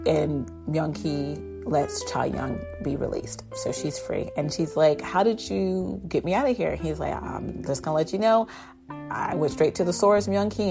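A woman with a notably low voice talks through a drama episode like she's chatting with a friend. She is animated and loose, leaning on "like" and "basically". Guitar music plays clearly underneath her. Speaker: TV drama recapper. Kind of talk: casual episode recap.

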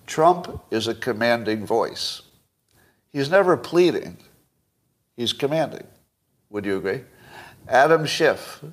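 A man's voice: mid-range voice, expressive, slow, pauses often. An older man in his sixties talks through a casual solo commentary stream. He is wry and chuckles often, quizzing his listeners as he goes, in an ordinary mid-range voice. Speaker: podcast host.

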